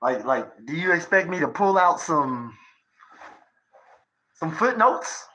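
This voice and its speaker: Thirties male streamer, unhurried drawl, rambling profane rants with rhetorical jabs at the audience. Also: a little high, very animated, bright, forceful tone, rough recording. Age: 30s. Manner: profane, lecturing, conspiratorial, asks rhetorical questions. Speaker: livestreamer. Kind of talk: rambling livestream monologue.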